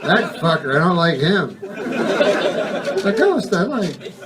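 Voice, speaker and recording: A man doing stand-up on a comedy club stage, in a rambling deadpan way with profane asides. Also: fairly high pitch, takes it slowly, a loud crowd. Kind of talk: stand-up routine. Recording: noisy live recording from far off.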